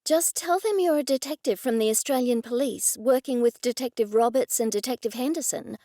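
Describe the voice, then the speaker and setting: A woman's voice: a little high, fairly quick, dark tone, no room sound, clean studio sound, close to an everyday voice. A woman narrating an audiobook, speaking as its practical, matter-of-fact heroine. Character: practical woman amateur sleuth, first-person heroine.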